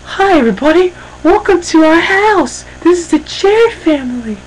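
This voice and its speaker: A man mockingly putting on a gushing wife giving a house tour, in a shrill falsetto. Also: lively intonation, moderate pace, slight background noise, low-quality recording.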